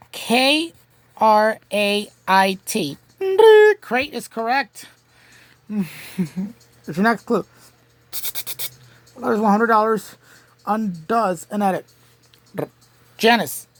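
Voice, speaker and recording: A woman with a medium-pitched voice hosts a homemade crossword game show, reading clues and spelling out answers one letter at a time. She speaks haltingly, pausing and starting over often. There is no room sound.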